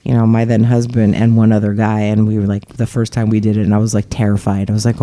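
A woman's voice: very deep voice, fast, hardly any pauses, mellow, no echo. A woman talking frankly in a casual podcast chat, chatty and laughing often.

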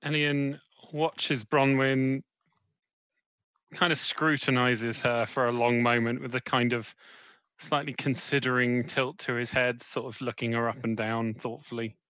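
A man playing a tabletop game, describing his character slowly and thoughtfully. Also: mid-range voice, level tone, pushed and bright, clear, resonant tone, no echo. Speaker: player.

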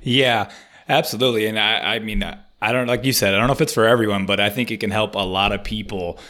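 A man's voice: fairly low pitch, pushed and bright. A man hosting a podcast interview, asking questions in an easygoing, casual way. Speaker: podcast host.

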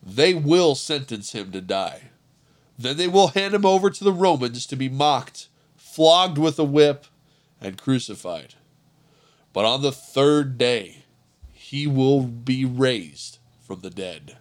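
Jesus, as a man reads him calm and earnest. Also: medium pitch, slow pace. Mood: solemn. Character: Jesus, calm grown male teacher.

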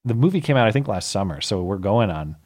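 A man's voice: fairly low pitch, sing-song, quick pace, a little mellow. A man hosting a podcast, talking through his argument at length in casual political commentary. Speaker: podcast host.

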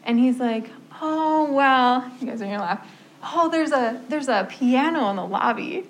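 A woman's voice: high voice, animated, unhurried, a little hiss or hum, rough recording. A woman music therapist giving an informal talk to colleagues, telling stories with lots of quoted dialogue and filler words. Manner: storytelling with quoted dialogue, frequent um and like.

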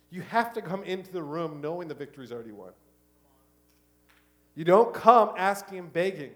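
A middle-aged man preaching a sermon, switching between loud exhortation and quiet, hushed asides. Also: sits high, lively intonation, moderate pace, pauses often. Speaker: pastor.

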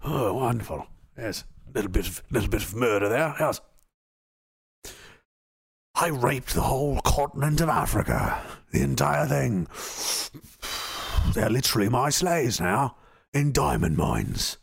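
A man's voice: mid-range voice, animated, a little slow, vocal fry, long pauses, husky, pitched below the performer's own voice, full character voice. A man voicing a smug, cigar-smoking British supervillain who gloats in a put-on posh British accent. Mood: gloating.

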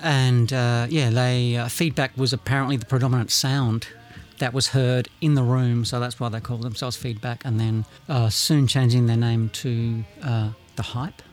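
A man co-hosting a podcast, telling a story in a chatty, relaxed way with occasional laughs. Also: mid-range voice, normal speed, few pauses, soft background music. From Ireland. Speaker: podcast co-host. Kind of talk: casual chat.

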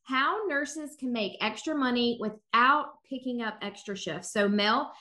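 A woman's voice: on the high side, measured pace, bright, forceful tone. Bubbly woman podcast host. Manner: bubbly, enthusiastic. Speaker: podcast host, registered nurse. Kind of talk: podcast intro and interview.

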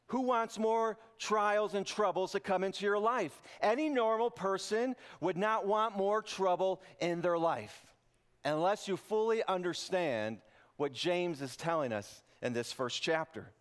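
A male pastor giving a sermon in a relaxed, conversational way, mixing scripture reading with light jokes. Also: on the high side, clean tone. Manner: joking, conversational preaching. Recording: podcast intro over loud guitar music.

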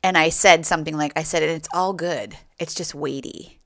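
A chatty woman in her forties co-hosting a podcast with friends, her voice sitting fairly low. She retells conversations and laughs often, recorded close and dry with no room sound. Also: fairly even intonation, fairly quick, dry recording. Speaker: podcast co-host. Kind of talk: casual chat among friends. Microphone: studio mic.

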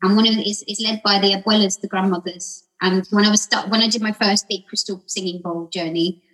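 Husky-voiced woman telling stories. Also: medium pitch, fairly even intonation, fairly quick, rough recording. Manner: rambling, warm storyteller acting out quotes with laughs. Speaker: podcast guest. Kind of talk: casual storytelling chat.

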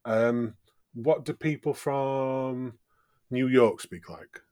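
A man co-hosting a casual comedy podcast, prompting with dry, deadpan remarks. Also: mid-range voice, slow pace, dry recording. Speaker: podcast co-host.

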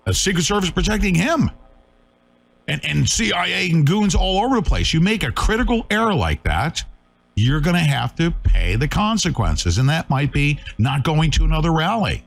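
A man's voice: on the high side, sing-song, normal speed, vocal fry. A middle-aged man hosting a live talk show, talking urgently and emphatically, scolding his viewers.

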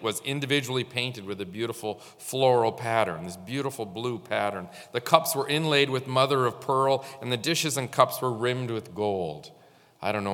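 Male pastor, mid-pitched, unhurried sermon with many filler pauses, long church reverb. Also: a bit bright. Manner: halting, with frequent fillers.

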